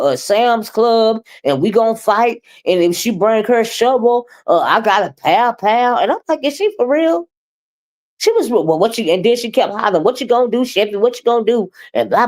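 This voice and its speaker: A woman's voice: mid-range voice, a little mellow. A middle-aged woman doing casual livestream commentary, blunt and profane, talking straight to her chat.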